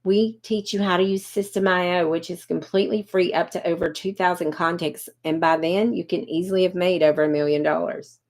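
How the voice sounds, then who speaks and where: A woman's voice: fairly low pitch, fairly even intonation, a little fast, few pauses, darkish tone. A woman in her fifties chatting on a livestream, coaching viewers on online marketing and answering comments by name. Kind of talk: casual livestream pitch.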